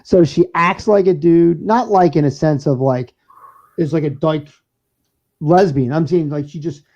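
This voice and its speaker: A man's voice: a little high, unhurried, darkish tone. A man co-hosting a casual podcast, rambling through stories with frequent laughs and restarts. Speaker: podcast co-host and DJ. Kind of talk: casual banter. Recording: dull lo-fi sound.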